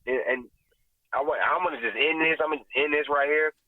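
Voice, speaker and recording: A man's voice: a little high, fairly quick, dry recording. A man delivers emphatic, preachy commentary as a podcast guest, pressing his points through repetition. His voice comes through a thin, phone-like line with a dry, close sound. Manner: preachy, emphatic, repeats "you know what I'm saying". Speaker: guest, vegan restaurant owner.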